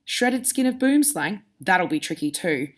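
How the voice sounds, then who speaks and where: A woman reading aloud as a bookish schoolgirl witch who is brisk and knows it all. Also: lowish voice, sing-song. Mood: busy. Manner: reading aloud, lightly voiced.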